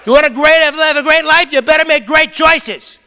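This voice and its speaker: A man playing a pushy, upbeat high school shop teacher who barks insistent repeated calls, in a big echoing hall. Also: moderate pace, pushed and bright, a little hiss or hum, full character voice. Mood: lecturing. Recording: long reverb of a big hall.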